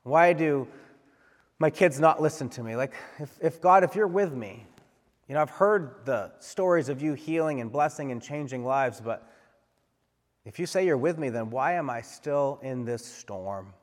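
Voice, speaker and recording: A male pastor preaching a sermon in a conversational, animated way, often acting out the voices he quotes. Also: medium pitch, measured pace. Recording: long hall reverb.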